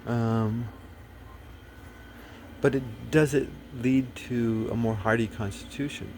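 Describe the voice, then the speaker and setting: A man's voice: mid-range voice, fairly even intonation, takes it slowly, darkish tone, a little hiss or hum. A man talking casually to the camera, rambling and blunt, full of fillers, restarts and swearing. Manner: profane, blunt. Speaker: video host.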